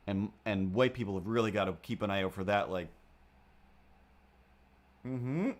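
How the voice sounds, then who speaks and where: A man hosting a livestream, telling a story in a casual, rambling way, full of restarts and fillers, with a hard-to-place accent. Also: moderate pace. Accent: self-made, hard to place. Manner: animated, jumps into squeaky voices for the people he quotes. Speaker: livestream host. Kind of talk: casual storytelling while drawing.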